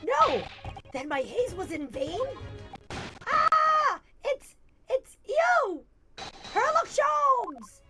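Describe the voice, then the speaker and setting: A woman voicing an excitable, nervous male scholar who gushes in tongue-twisting alliteration. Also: sits high, moderate pace, rough recording. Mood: indignant. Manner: gushing, alliterative, overwrought. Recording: loud music underneath.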